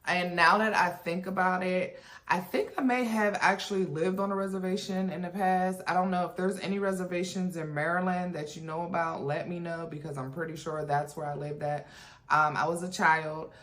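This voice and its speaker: A woman's voice: fairly low pitch, steady tone, normal speed, a bit bright. A woman hosting a reaction video, talking in a chatty, frank way with lots of fillers and asides. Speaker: reaction channel host. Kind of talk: casual reaction commentary.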